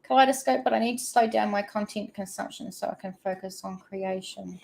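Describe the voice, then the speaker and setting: Brisk and creaky, her medium-pitched voice has a darkish tone. She's a New Zealander with that country's accent, hosting a casual livestream and reading out what viewers write.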